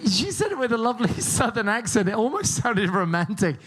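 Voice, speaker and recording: A man hosts a game show with a high, bouncing voice that swings widely. He keeps up jokey, teasing patter with the contestants. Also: big pitch swings, brisk, a bit bright, slightly rough. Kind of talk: cruise ship game show hosting.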